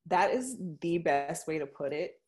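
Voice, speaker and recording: A woman's voice: low-pitched, animated, measured pace, darkish tone. A young woman in casual conversation, talking reflectively and laughing readily.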